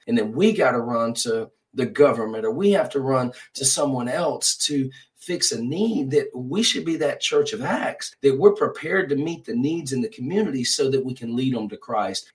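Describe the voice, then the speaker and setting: A man's voice: mid-range voice, low-quality recording. A man who is a pastor, talking earnestly as a guest in an interview, with a preacher's rhythm and frequent repeated words. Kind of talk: conversational ministry interview.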